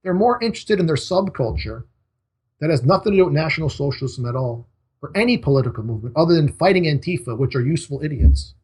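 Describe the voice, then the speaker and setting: A man speaks as a guest in a casual interview. His voice is husky and sits a little high. He talks emphatically, in short punchy sentences. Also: animated, fast talker, a little mellow.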